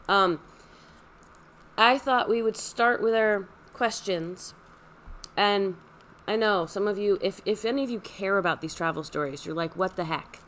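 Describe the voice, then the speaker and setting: A middle-aged woman, hosting a casual chat while hoarse from a cold, with a husky, deep voice and a chatty, self-deprecating manner. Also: fairly bright tone. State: hoarse, losing her voice from a cold. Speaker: podcast host, yarn shop owner.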